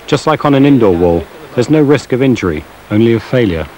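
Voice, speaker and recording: A man giving measured, scripted documentary narration in a studio voice-over. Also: mid-range voice, expressive, a little mellow, rough recording.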